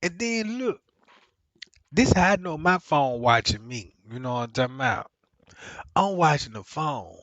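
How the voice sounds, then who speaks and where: A male vlogger telling stories in a casual monologue, swinging between low muttering and loud exclamations, with frequent profanity and filler phrases. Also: lively intonation, moderate pace, long pauses, dry recording. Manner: peppers talk with profanity and "you know what I'm saying". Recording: slightly muffled, dry sound.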